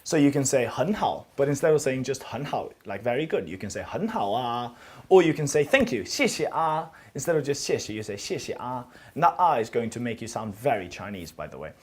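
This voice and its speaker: A man talks through a casual video language lesson at a middle pitch. He explains his ideas in a musing, halting way, restarting phrases as he thinks aloud. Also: very animated, a little mellow, slightly rough. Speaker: language teacher.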